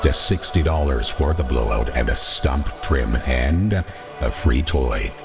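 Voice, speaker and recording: A man putting on the voice of a calm, deep-voiced older male celebrity narrator to read an ad for a pet store. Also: a little slow, gravelly, full character voice. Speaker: ad reader. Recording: loud music bed behind the voice.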